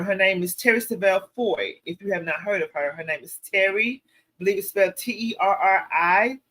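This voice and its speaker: A woman hosting a casual livestream Q&A, telling stories in an animated, preachy way and calling her viewers y'all. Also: medium pitch. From American South. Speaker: show host.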